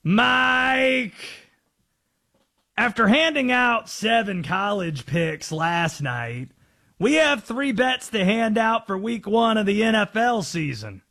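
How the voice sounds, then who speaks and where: A man doing an impression of an excited football TV analyst, reading a show promo in a big drawn-out style. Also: sits high, full character voice. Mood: hyped.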